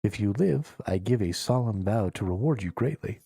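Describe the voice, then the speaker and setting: A man's voice: lowish voice, lively intonation, normal speed, creaky, dark tone, slightly rough, no room sound, clean studio sound, exaggerated voice. A man voicing a pushy young woman who asks a hero to save her twin sister, reading game dialogue aloud on a live stream. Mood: dramatic. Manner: dramatic, demanding. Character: pleading young woman quest giver, pushy.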